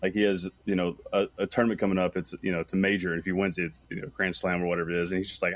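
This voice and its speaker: A man talking as a podcast guest in loose casual chat, rambling with lots of fillers and getting animated in stories. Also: deep voice, racing, hardly any pauses, no room sound. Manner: rambling, heavy use of "like", animated when telling stories. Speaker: podcast guest, camera operator.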